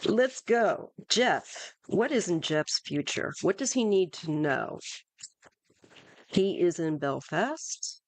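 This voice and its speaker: A woman's voice: lowish voice, animated, slow, no room sound. A woman doing a casual live-stream tarot reading, chatty and rambling, with asides and fillers. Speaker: tarot reader. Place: home in Northern California.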